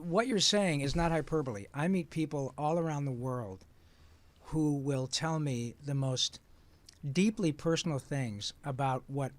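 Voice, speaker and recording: A man in his sixties from Michigan, a voice actor guest telling lively stories in conversation and slipping into playful character voices. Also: a little high, a little slow. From Michigan, USA. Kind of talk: animated storytelling in conversation.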